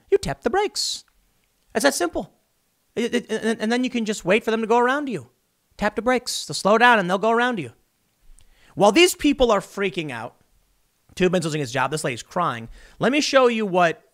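Sarcastic, animated male vlogger. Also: high voice. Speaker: host. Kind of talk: political commentary vlog.

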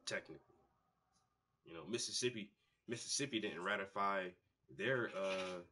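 A man hosting a painting show, telling stories in a loose, profane, animated way and acting out the people he quotes. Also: on the low side, moderate pace, a little hiss or hum. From United States. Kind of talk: casual storytelling monologue.

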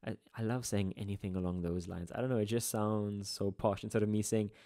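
A man's voice: on the low side, level tone, fairly quick, dark tone. A young man with a South African Durban accent, walking through exam answers as a geography tutor in a casual lesson, with chatty asides and playful slang.

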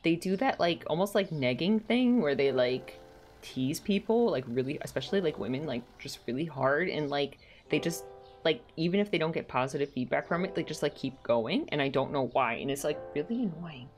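A woman's voice: low-pitched, animated, a little fast, darkish tone, soft background music. A woman streamer chatting casually at home while gaming, rambling with lots of "like" and getting heated when something annoys her. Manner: rambling, heavy use of "like".

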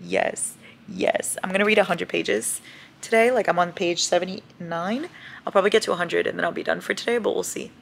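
Young female book vlogger, chatty and playful, lower voice, faint noise. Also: fairly quick, gravelly. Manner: chatty, gushing, playful asides. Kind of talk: casual reading vlog chat. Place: home at night.

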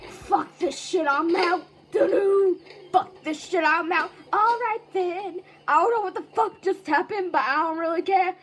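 A woman's voice: very high voice, unhurried, fairly bright tone, faint music behind, pitched above the performer's own voice, low-quality recording. A woman voicing a foul-mouthed, murderous robot in a comic voice-over dub, humming tunelessly and swearing constantly. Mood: fed up.

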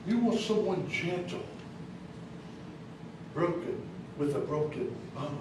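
A pastor preaching a sermon in a church, speaking emphatically with rising questions and sudden soft drops, with an American accent. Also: male voice, a little high, lively intonation, takes it slowly. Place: church sanctuary. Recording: echoey church recorded from a distance, noisy.

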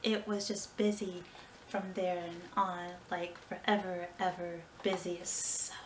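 A woman's voice: on the low side, little pitch movement, measured pace, reverberant, noisy background. Tired chatty woman vlogging at home. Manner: chatty, dramatic sighs and playful exaggeration. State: tired and short of breath. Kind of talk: casual vlog chat. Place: home kitchen. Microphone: phone on a selfie stick.

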